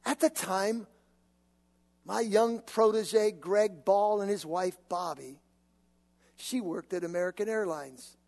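A man preaching a sermon, telling stories in an animated, conversational way. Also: high-pitched, slow pace, creaky. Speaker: pastor. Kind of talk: sermon with personal storytelling. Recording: long reverb of a large hall.

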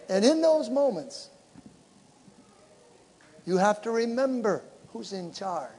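Middle-aged male preacher, very high voice, animated, shouting sermon, echoing hall. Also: slow, pauses often. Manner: animated, shouting to the congregation, with laughter. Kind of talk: sermon with personal story. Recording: large hall with long reverb.

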